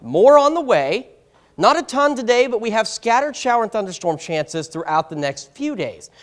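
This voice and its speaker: A man's voice: sits high, sing-song, normal speed. A man giving a live morning TV weather forecast, chatty and a bit flustered, out of breath. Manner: flustered, chatty, self-interrupting. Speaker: weather anchor. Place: TV news studio.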